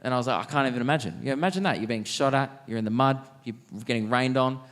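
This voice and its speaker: An Australian man doing stand-up on a theatre stage, telling a long story in an animated, rambling way. His voice sits at an ordinary middle pitch, and he keeps mocking himself as he goes. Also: fast talker. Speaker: stand-up comedian.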